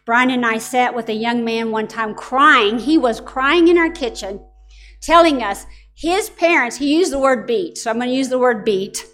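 A woman's voice: on the high side, moderate pace, fairly bright tone. Woman preaching with faint music. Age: middle-aged. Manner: storytelling, earnest and direct. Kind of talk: sermon.

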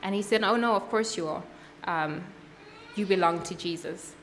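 A woman sharing her personal testimony at a worship service, earnest and halting, with frequent pauses and restarts. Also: mid-range voice, a little hiss or hum. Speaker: church testimony speaker.

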